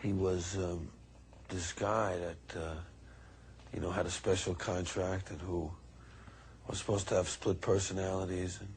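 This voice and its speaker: A man's voice: deep voice, flat delivery, unhurried, a little mellow, a little hiss or hum. A man from New York in a documentary interview, speaking bluntly and wryly. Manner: blunt, wry remarks.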